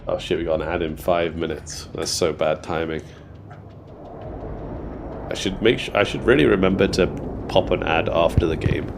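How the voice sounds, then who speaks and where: Low gravelly congested gamer man. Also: moderate pace, long pauses. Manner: joking, swears, bursts of excited shouting. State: congested nose from a cold. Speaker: livestreaming gamer. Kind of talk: casual live gameplay chat. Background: music.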